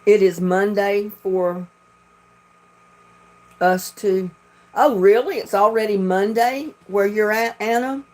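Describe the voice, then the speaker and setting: A woman's voice: mid-range voice, fairly even intonation, slow pace, long pauses, a little mellow. A woman from North Carolina with a Southern accent, chatting casually and telling rambling stories as she hosts a livestream. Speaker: livestream host.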